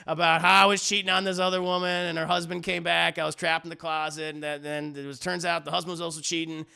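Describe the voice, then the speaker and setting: A man's voice: fairly high pitch, little pitch movement, fast talker, gravelly, pushed and bright, smooth. A man reviewing music in a casual, rambling recap, swearing freely and acting out the lines he describes. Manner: rambling, profane, acts out the lines.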